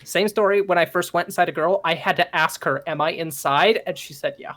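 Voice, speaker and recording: A man's voice: fairly high pitch, fairly quick, a bit bright. Profane young Minnesotan guy telling stories. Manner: casual, profane, joking storyteller. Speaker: guest. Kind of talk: casual chat.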